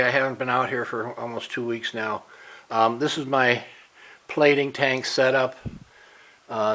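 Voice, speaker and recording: An older man in his home workshop, a little out of breath, talking casually and haltingly with frequent fillers as he shows his setup. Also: medium pitch, fairly bright tone, slight background noise, rough recording. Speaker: workshop vlogger. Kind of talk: casual workshop show-and-tell.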